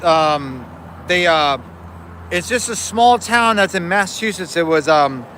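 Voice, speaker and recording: A man's voice: high voice, expressive, unhurried, bright, forceful tone, a little hiss or hum. A man chatting casually on a live stream, rambling and joking and cutting himself off mid-sentence. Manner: rambling, joking, many self-interruptions. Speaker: livestreamer.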